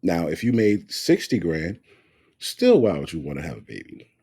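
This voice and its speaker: A man's voice: fairly low pitch, a little fast, husky. A man co-hosting a podcast, talking bluntly and with a lot of profanity in casual chat. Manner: blunt, profane, animated rants. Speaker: podcast co-host.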